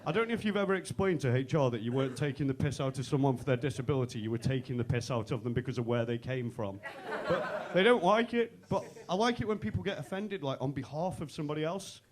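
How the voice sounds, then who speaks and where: A man's voice: mid-range voice, expressive, fast, hardly any pauses. A young man from Manchester, doing a stand-up set at a comedy club, telling brash stories full of swearing and acting out what his friends said. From Manchester, England. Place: comedy club stage with a live audience.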